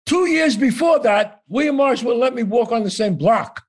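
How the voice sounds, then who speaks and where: A man's voice: very high-pitched, lively intonation, moderate pace. An older man telling his story as a podcast guest, acting out both sides of each conversation and swearing freely. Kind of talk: animated storytelling.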